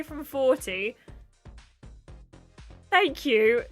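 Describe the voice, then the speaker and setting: Brief: young female game streamer, chatty and effusive, fairly high voice, music faint underneath. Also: lively intonation, moderate pace, pauses often, fairly bright tone. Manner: chatty, gushing, rambling asides. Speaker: gaming streamer. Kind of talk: casual live game commentary.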